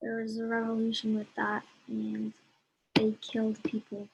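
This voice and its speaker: A female student answering the teacher's question in class, softly and tentatively. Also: a little high, completely flat delivery, normal speed, gravelly, highs cut off, slight background noise.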